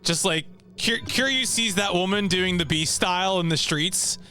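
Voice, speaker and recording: A man streaming a video game, chatting casually with viewers in an animated way and laughing often. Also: sits high, moderate pace, faint music behind.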